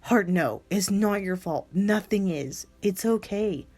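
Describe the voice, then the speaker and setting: A woman voicing a fierce, foul-mouthed female friend who is protective and swears loudly. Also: medium pitch, takes it slowly, voice pushed up. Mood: soothing.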